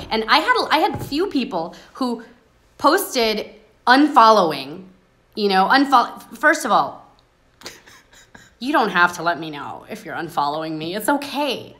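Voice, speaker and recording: A woman's voice: mid-range voice, very animated, normal speed, bright, forceful tone. A woman hosting a casual chat, talking with passion that she says people mistake for anger. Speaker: host.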